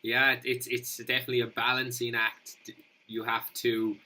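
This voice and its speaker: A man hosting a relaxed podcast interview. His tone is very bright and clear-edged. He agrees readily and moves the talk along with open questions. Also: medium pitch, normal speed, low-quality recording. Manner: agreeable, laughs easily, asks open questions. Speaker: podcast host.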